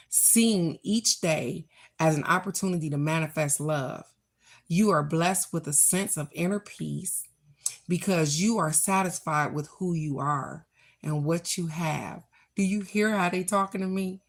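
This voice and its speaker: A woman reading a card of the day and talking earnestly to her viewers, slow and affirming in a reflective spiritual tone. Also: lowish voice, fairly bright tone. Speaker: tarot card reader.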